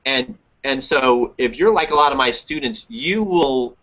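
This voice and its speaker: A man with a bright, forward voice speaks emphatically as a tennis coach, leaning on repeated words to stress his points. He is heard through muffled, lo-fi webinar audio. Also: medium pitch, lively intonation, measured pace. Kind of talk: casual webinar discussion.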